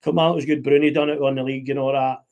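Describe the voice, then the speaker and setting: A Scottish man hosting a podcast, telling animated football stories in casual chat, full of fillers and restarts. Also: mid-range voice, racing. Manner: animated storyteller with many fillers. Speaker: podcast host.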